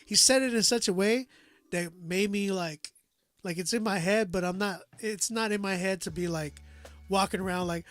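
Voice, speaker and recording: A man's voice: sits high, normal speed, a bit bright, no room sound, faint music behind. A man reviewing listeners' songs live on a stream. He talks in a loose, slangy way, laughs often and trails off with "like". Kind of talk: casual live-stream chat.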